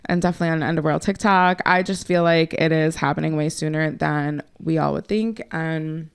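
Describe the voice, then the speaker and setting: A woman co-hosting a casual podcast, with a low voice that is smooth and resonant. She talks in a blunt, laid-back way and swears without a second thought. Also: steady tone, fairly quick. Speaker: podcast co-host. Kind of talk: casual chat.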